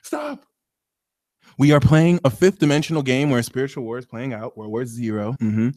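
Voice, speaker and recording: A man hosting a live astrology Q&A stream, talking in a theatrical, excitable, jokey way. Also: mid-range voice, fairly quick.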